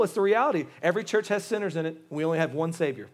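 Pastor guy preaching easter, pretty high voice, talks casual with lots of stumbles and restarts. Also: lively intonation, very fast. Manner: conversational, stammering restarts, pleading; casual slang, joking asides. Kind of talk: sermon.

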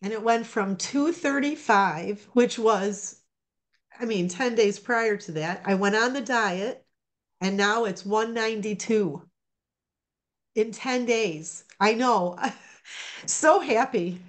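Woman, slightly high-pitched, halting and rambling, casual testimonial on a video call. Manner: halting, rambling, full of restarts. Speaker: client giving a testimonial.

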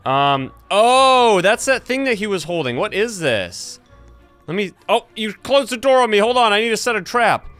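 A young man commenting on his game with a high, bright voice that swings all over the place. He talks excitedly, yelping and laughing at the jump scares, over faint game music. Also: moderate pace. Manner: jumpy, yelps and laughs at scares. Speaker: gaming channel host.

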